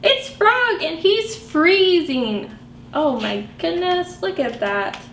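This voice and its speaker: High, lively woman reading to kids. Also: takes it slowly. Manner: animated, sing-song, asks children questions. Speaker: children's librarian. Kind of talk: storytime read-aloud for children. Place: library room. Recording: echoey room with faint background noise.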